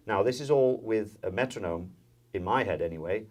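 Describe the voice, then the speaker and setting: A violin teacher from the Netherlands, his voice on the low side with lively intonation, talks a little fast while teaching jazz violin step by step. Frequent fillers and counting in mark his explanations, and violin and guitar can be heard in the background.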